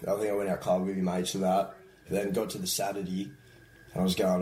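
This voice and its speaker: A young man with a broad Australian accent talks in a laid-back, rambling way, his voice very low and flat. He was recorded in an echoey room with a faint hum of ambient noise behind him. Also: brisk. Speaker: brother of the missing man. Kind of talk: casual recollection.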